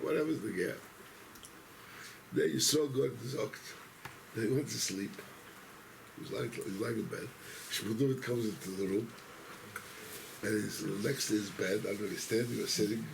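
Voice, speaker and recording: A rabbi with a gravelly, fry-edged voice tells a story to his congregation. He rambles and keeps interrupting himself as he goes. The recording is noisy, with steady room sound behind him. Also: fairly low pitch, moderate pace, pauses often. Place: synagogue.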